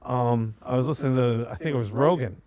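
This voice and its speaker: A man's voice: medium pitch, brisk, darkish tone. A man co-hosting a podcast in casual chat, rambling with lots of fillers. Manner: rambling, filler-heavy, laughs along. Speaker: podcast co-host.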